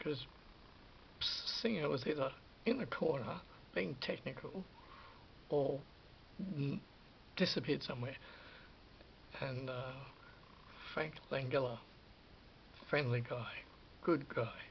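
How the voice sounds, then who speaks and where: A man's voice: fairly high pitch, slow pace, creaky, long pauses, slight background noise. A man of about fifty, telling a rambling personal story with restarts and sudden drops into a whisper. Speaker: vlogger recalling film work. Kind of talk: casual anecdotal monologue. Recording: dull lo-fi recording.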